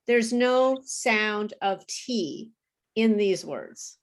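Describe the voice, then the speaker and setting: A woman tutoring English pronunciation over a video call, explaining slowly and patiently. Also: mid-range voice, expressive. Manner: slow, careful teacher explaining with apologies and laughs. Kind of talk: online pronunciation lesson.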